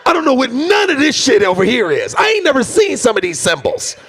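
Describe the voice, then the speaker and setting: Gravelly high-voiced ranting comic. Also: male voice, huge pitch swings, fairly quick, a bit bright, a little hiss or hum. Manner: exasperated ranting about his kids. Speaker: stand-up comedian. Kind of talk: stand-up comedy set. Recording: live club set with audience laughter.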